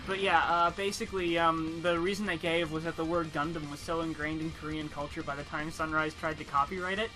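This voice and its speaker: A young man co-hosting a let's play, excitable, with loud outbursts and frequent laughter. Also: on the high side, a little fast, few pauses, soft background music. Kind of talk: casual gaming commentary.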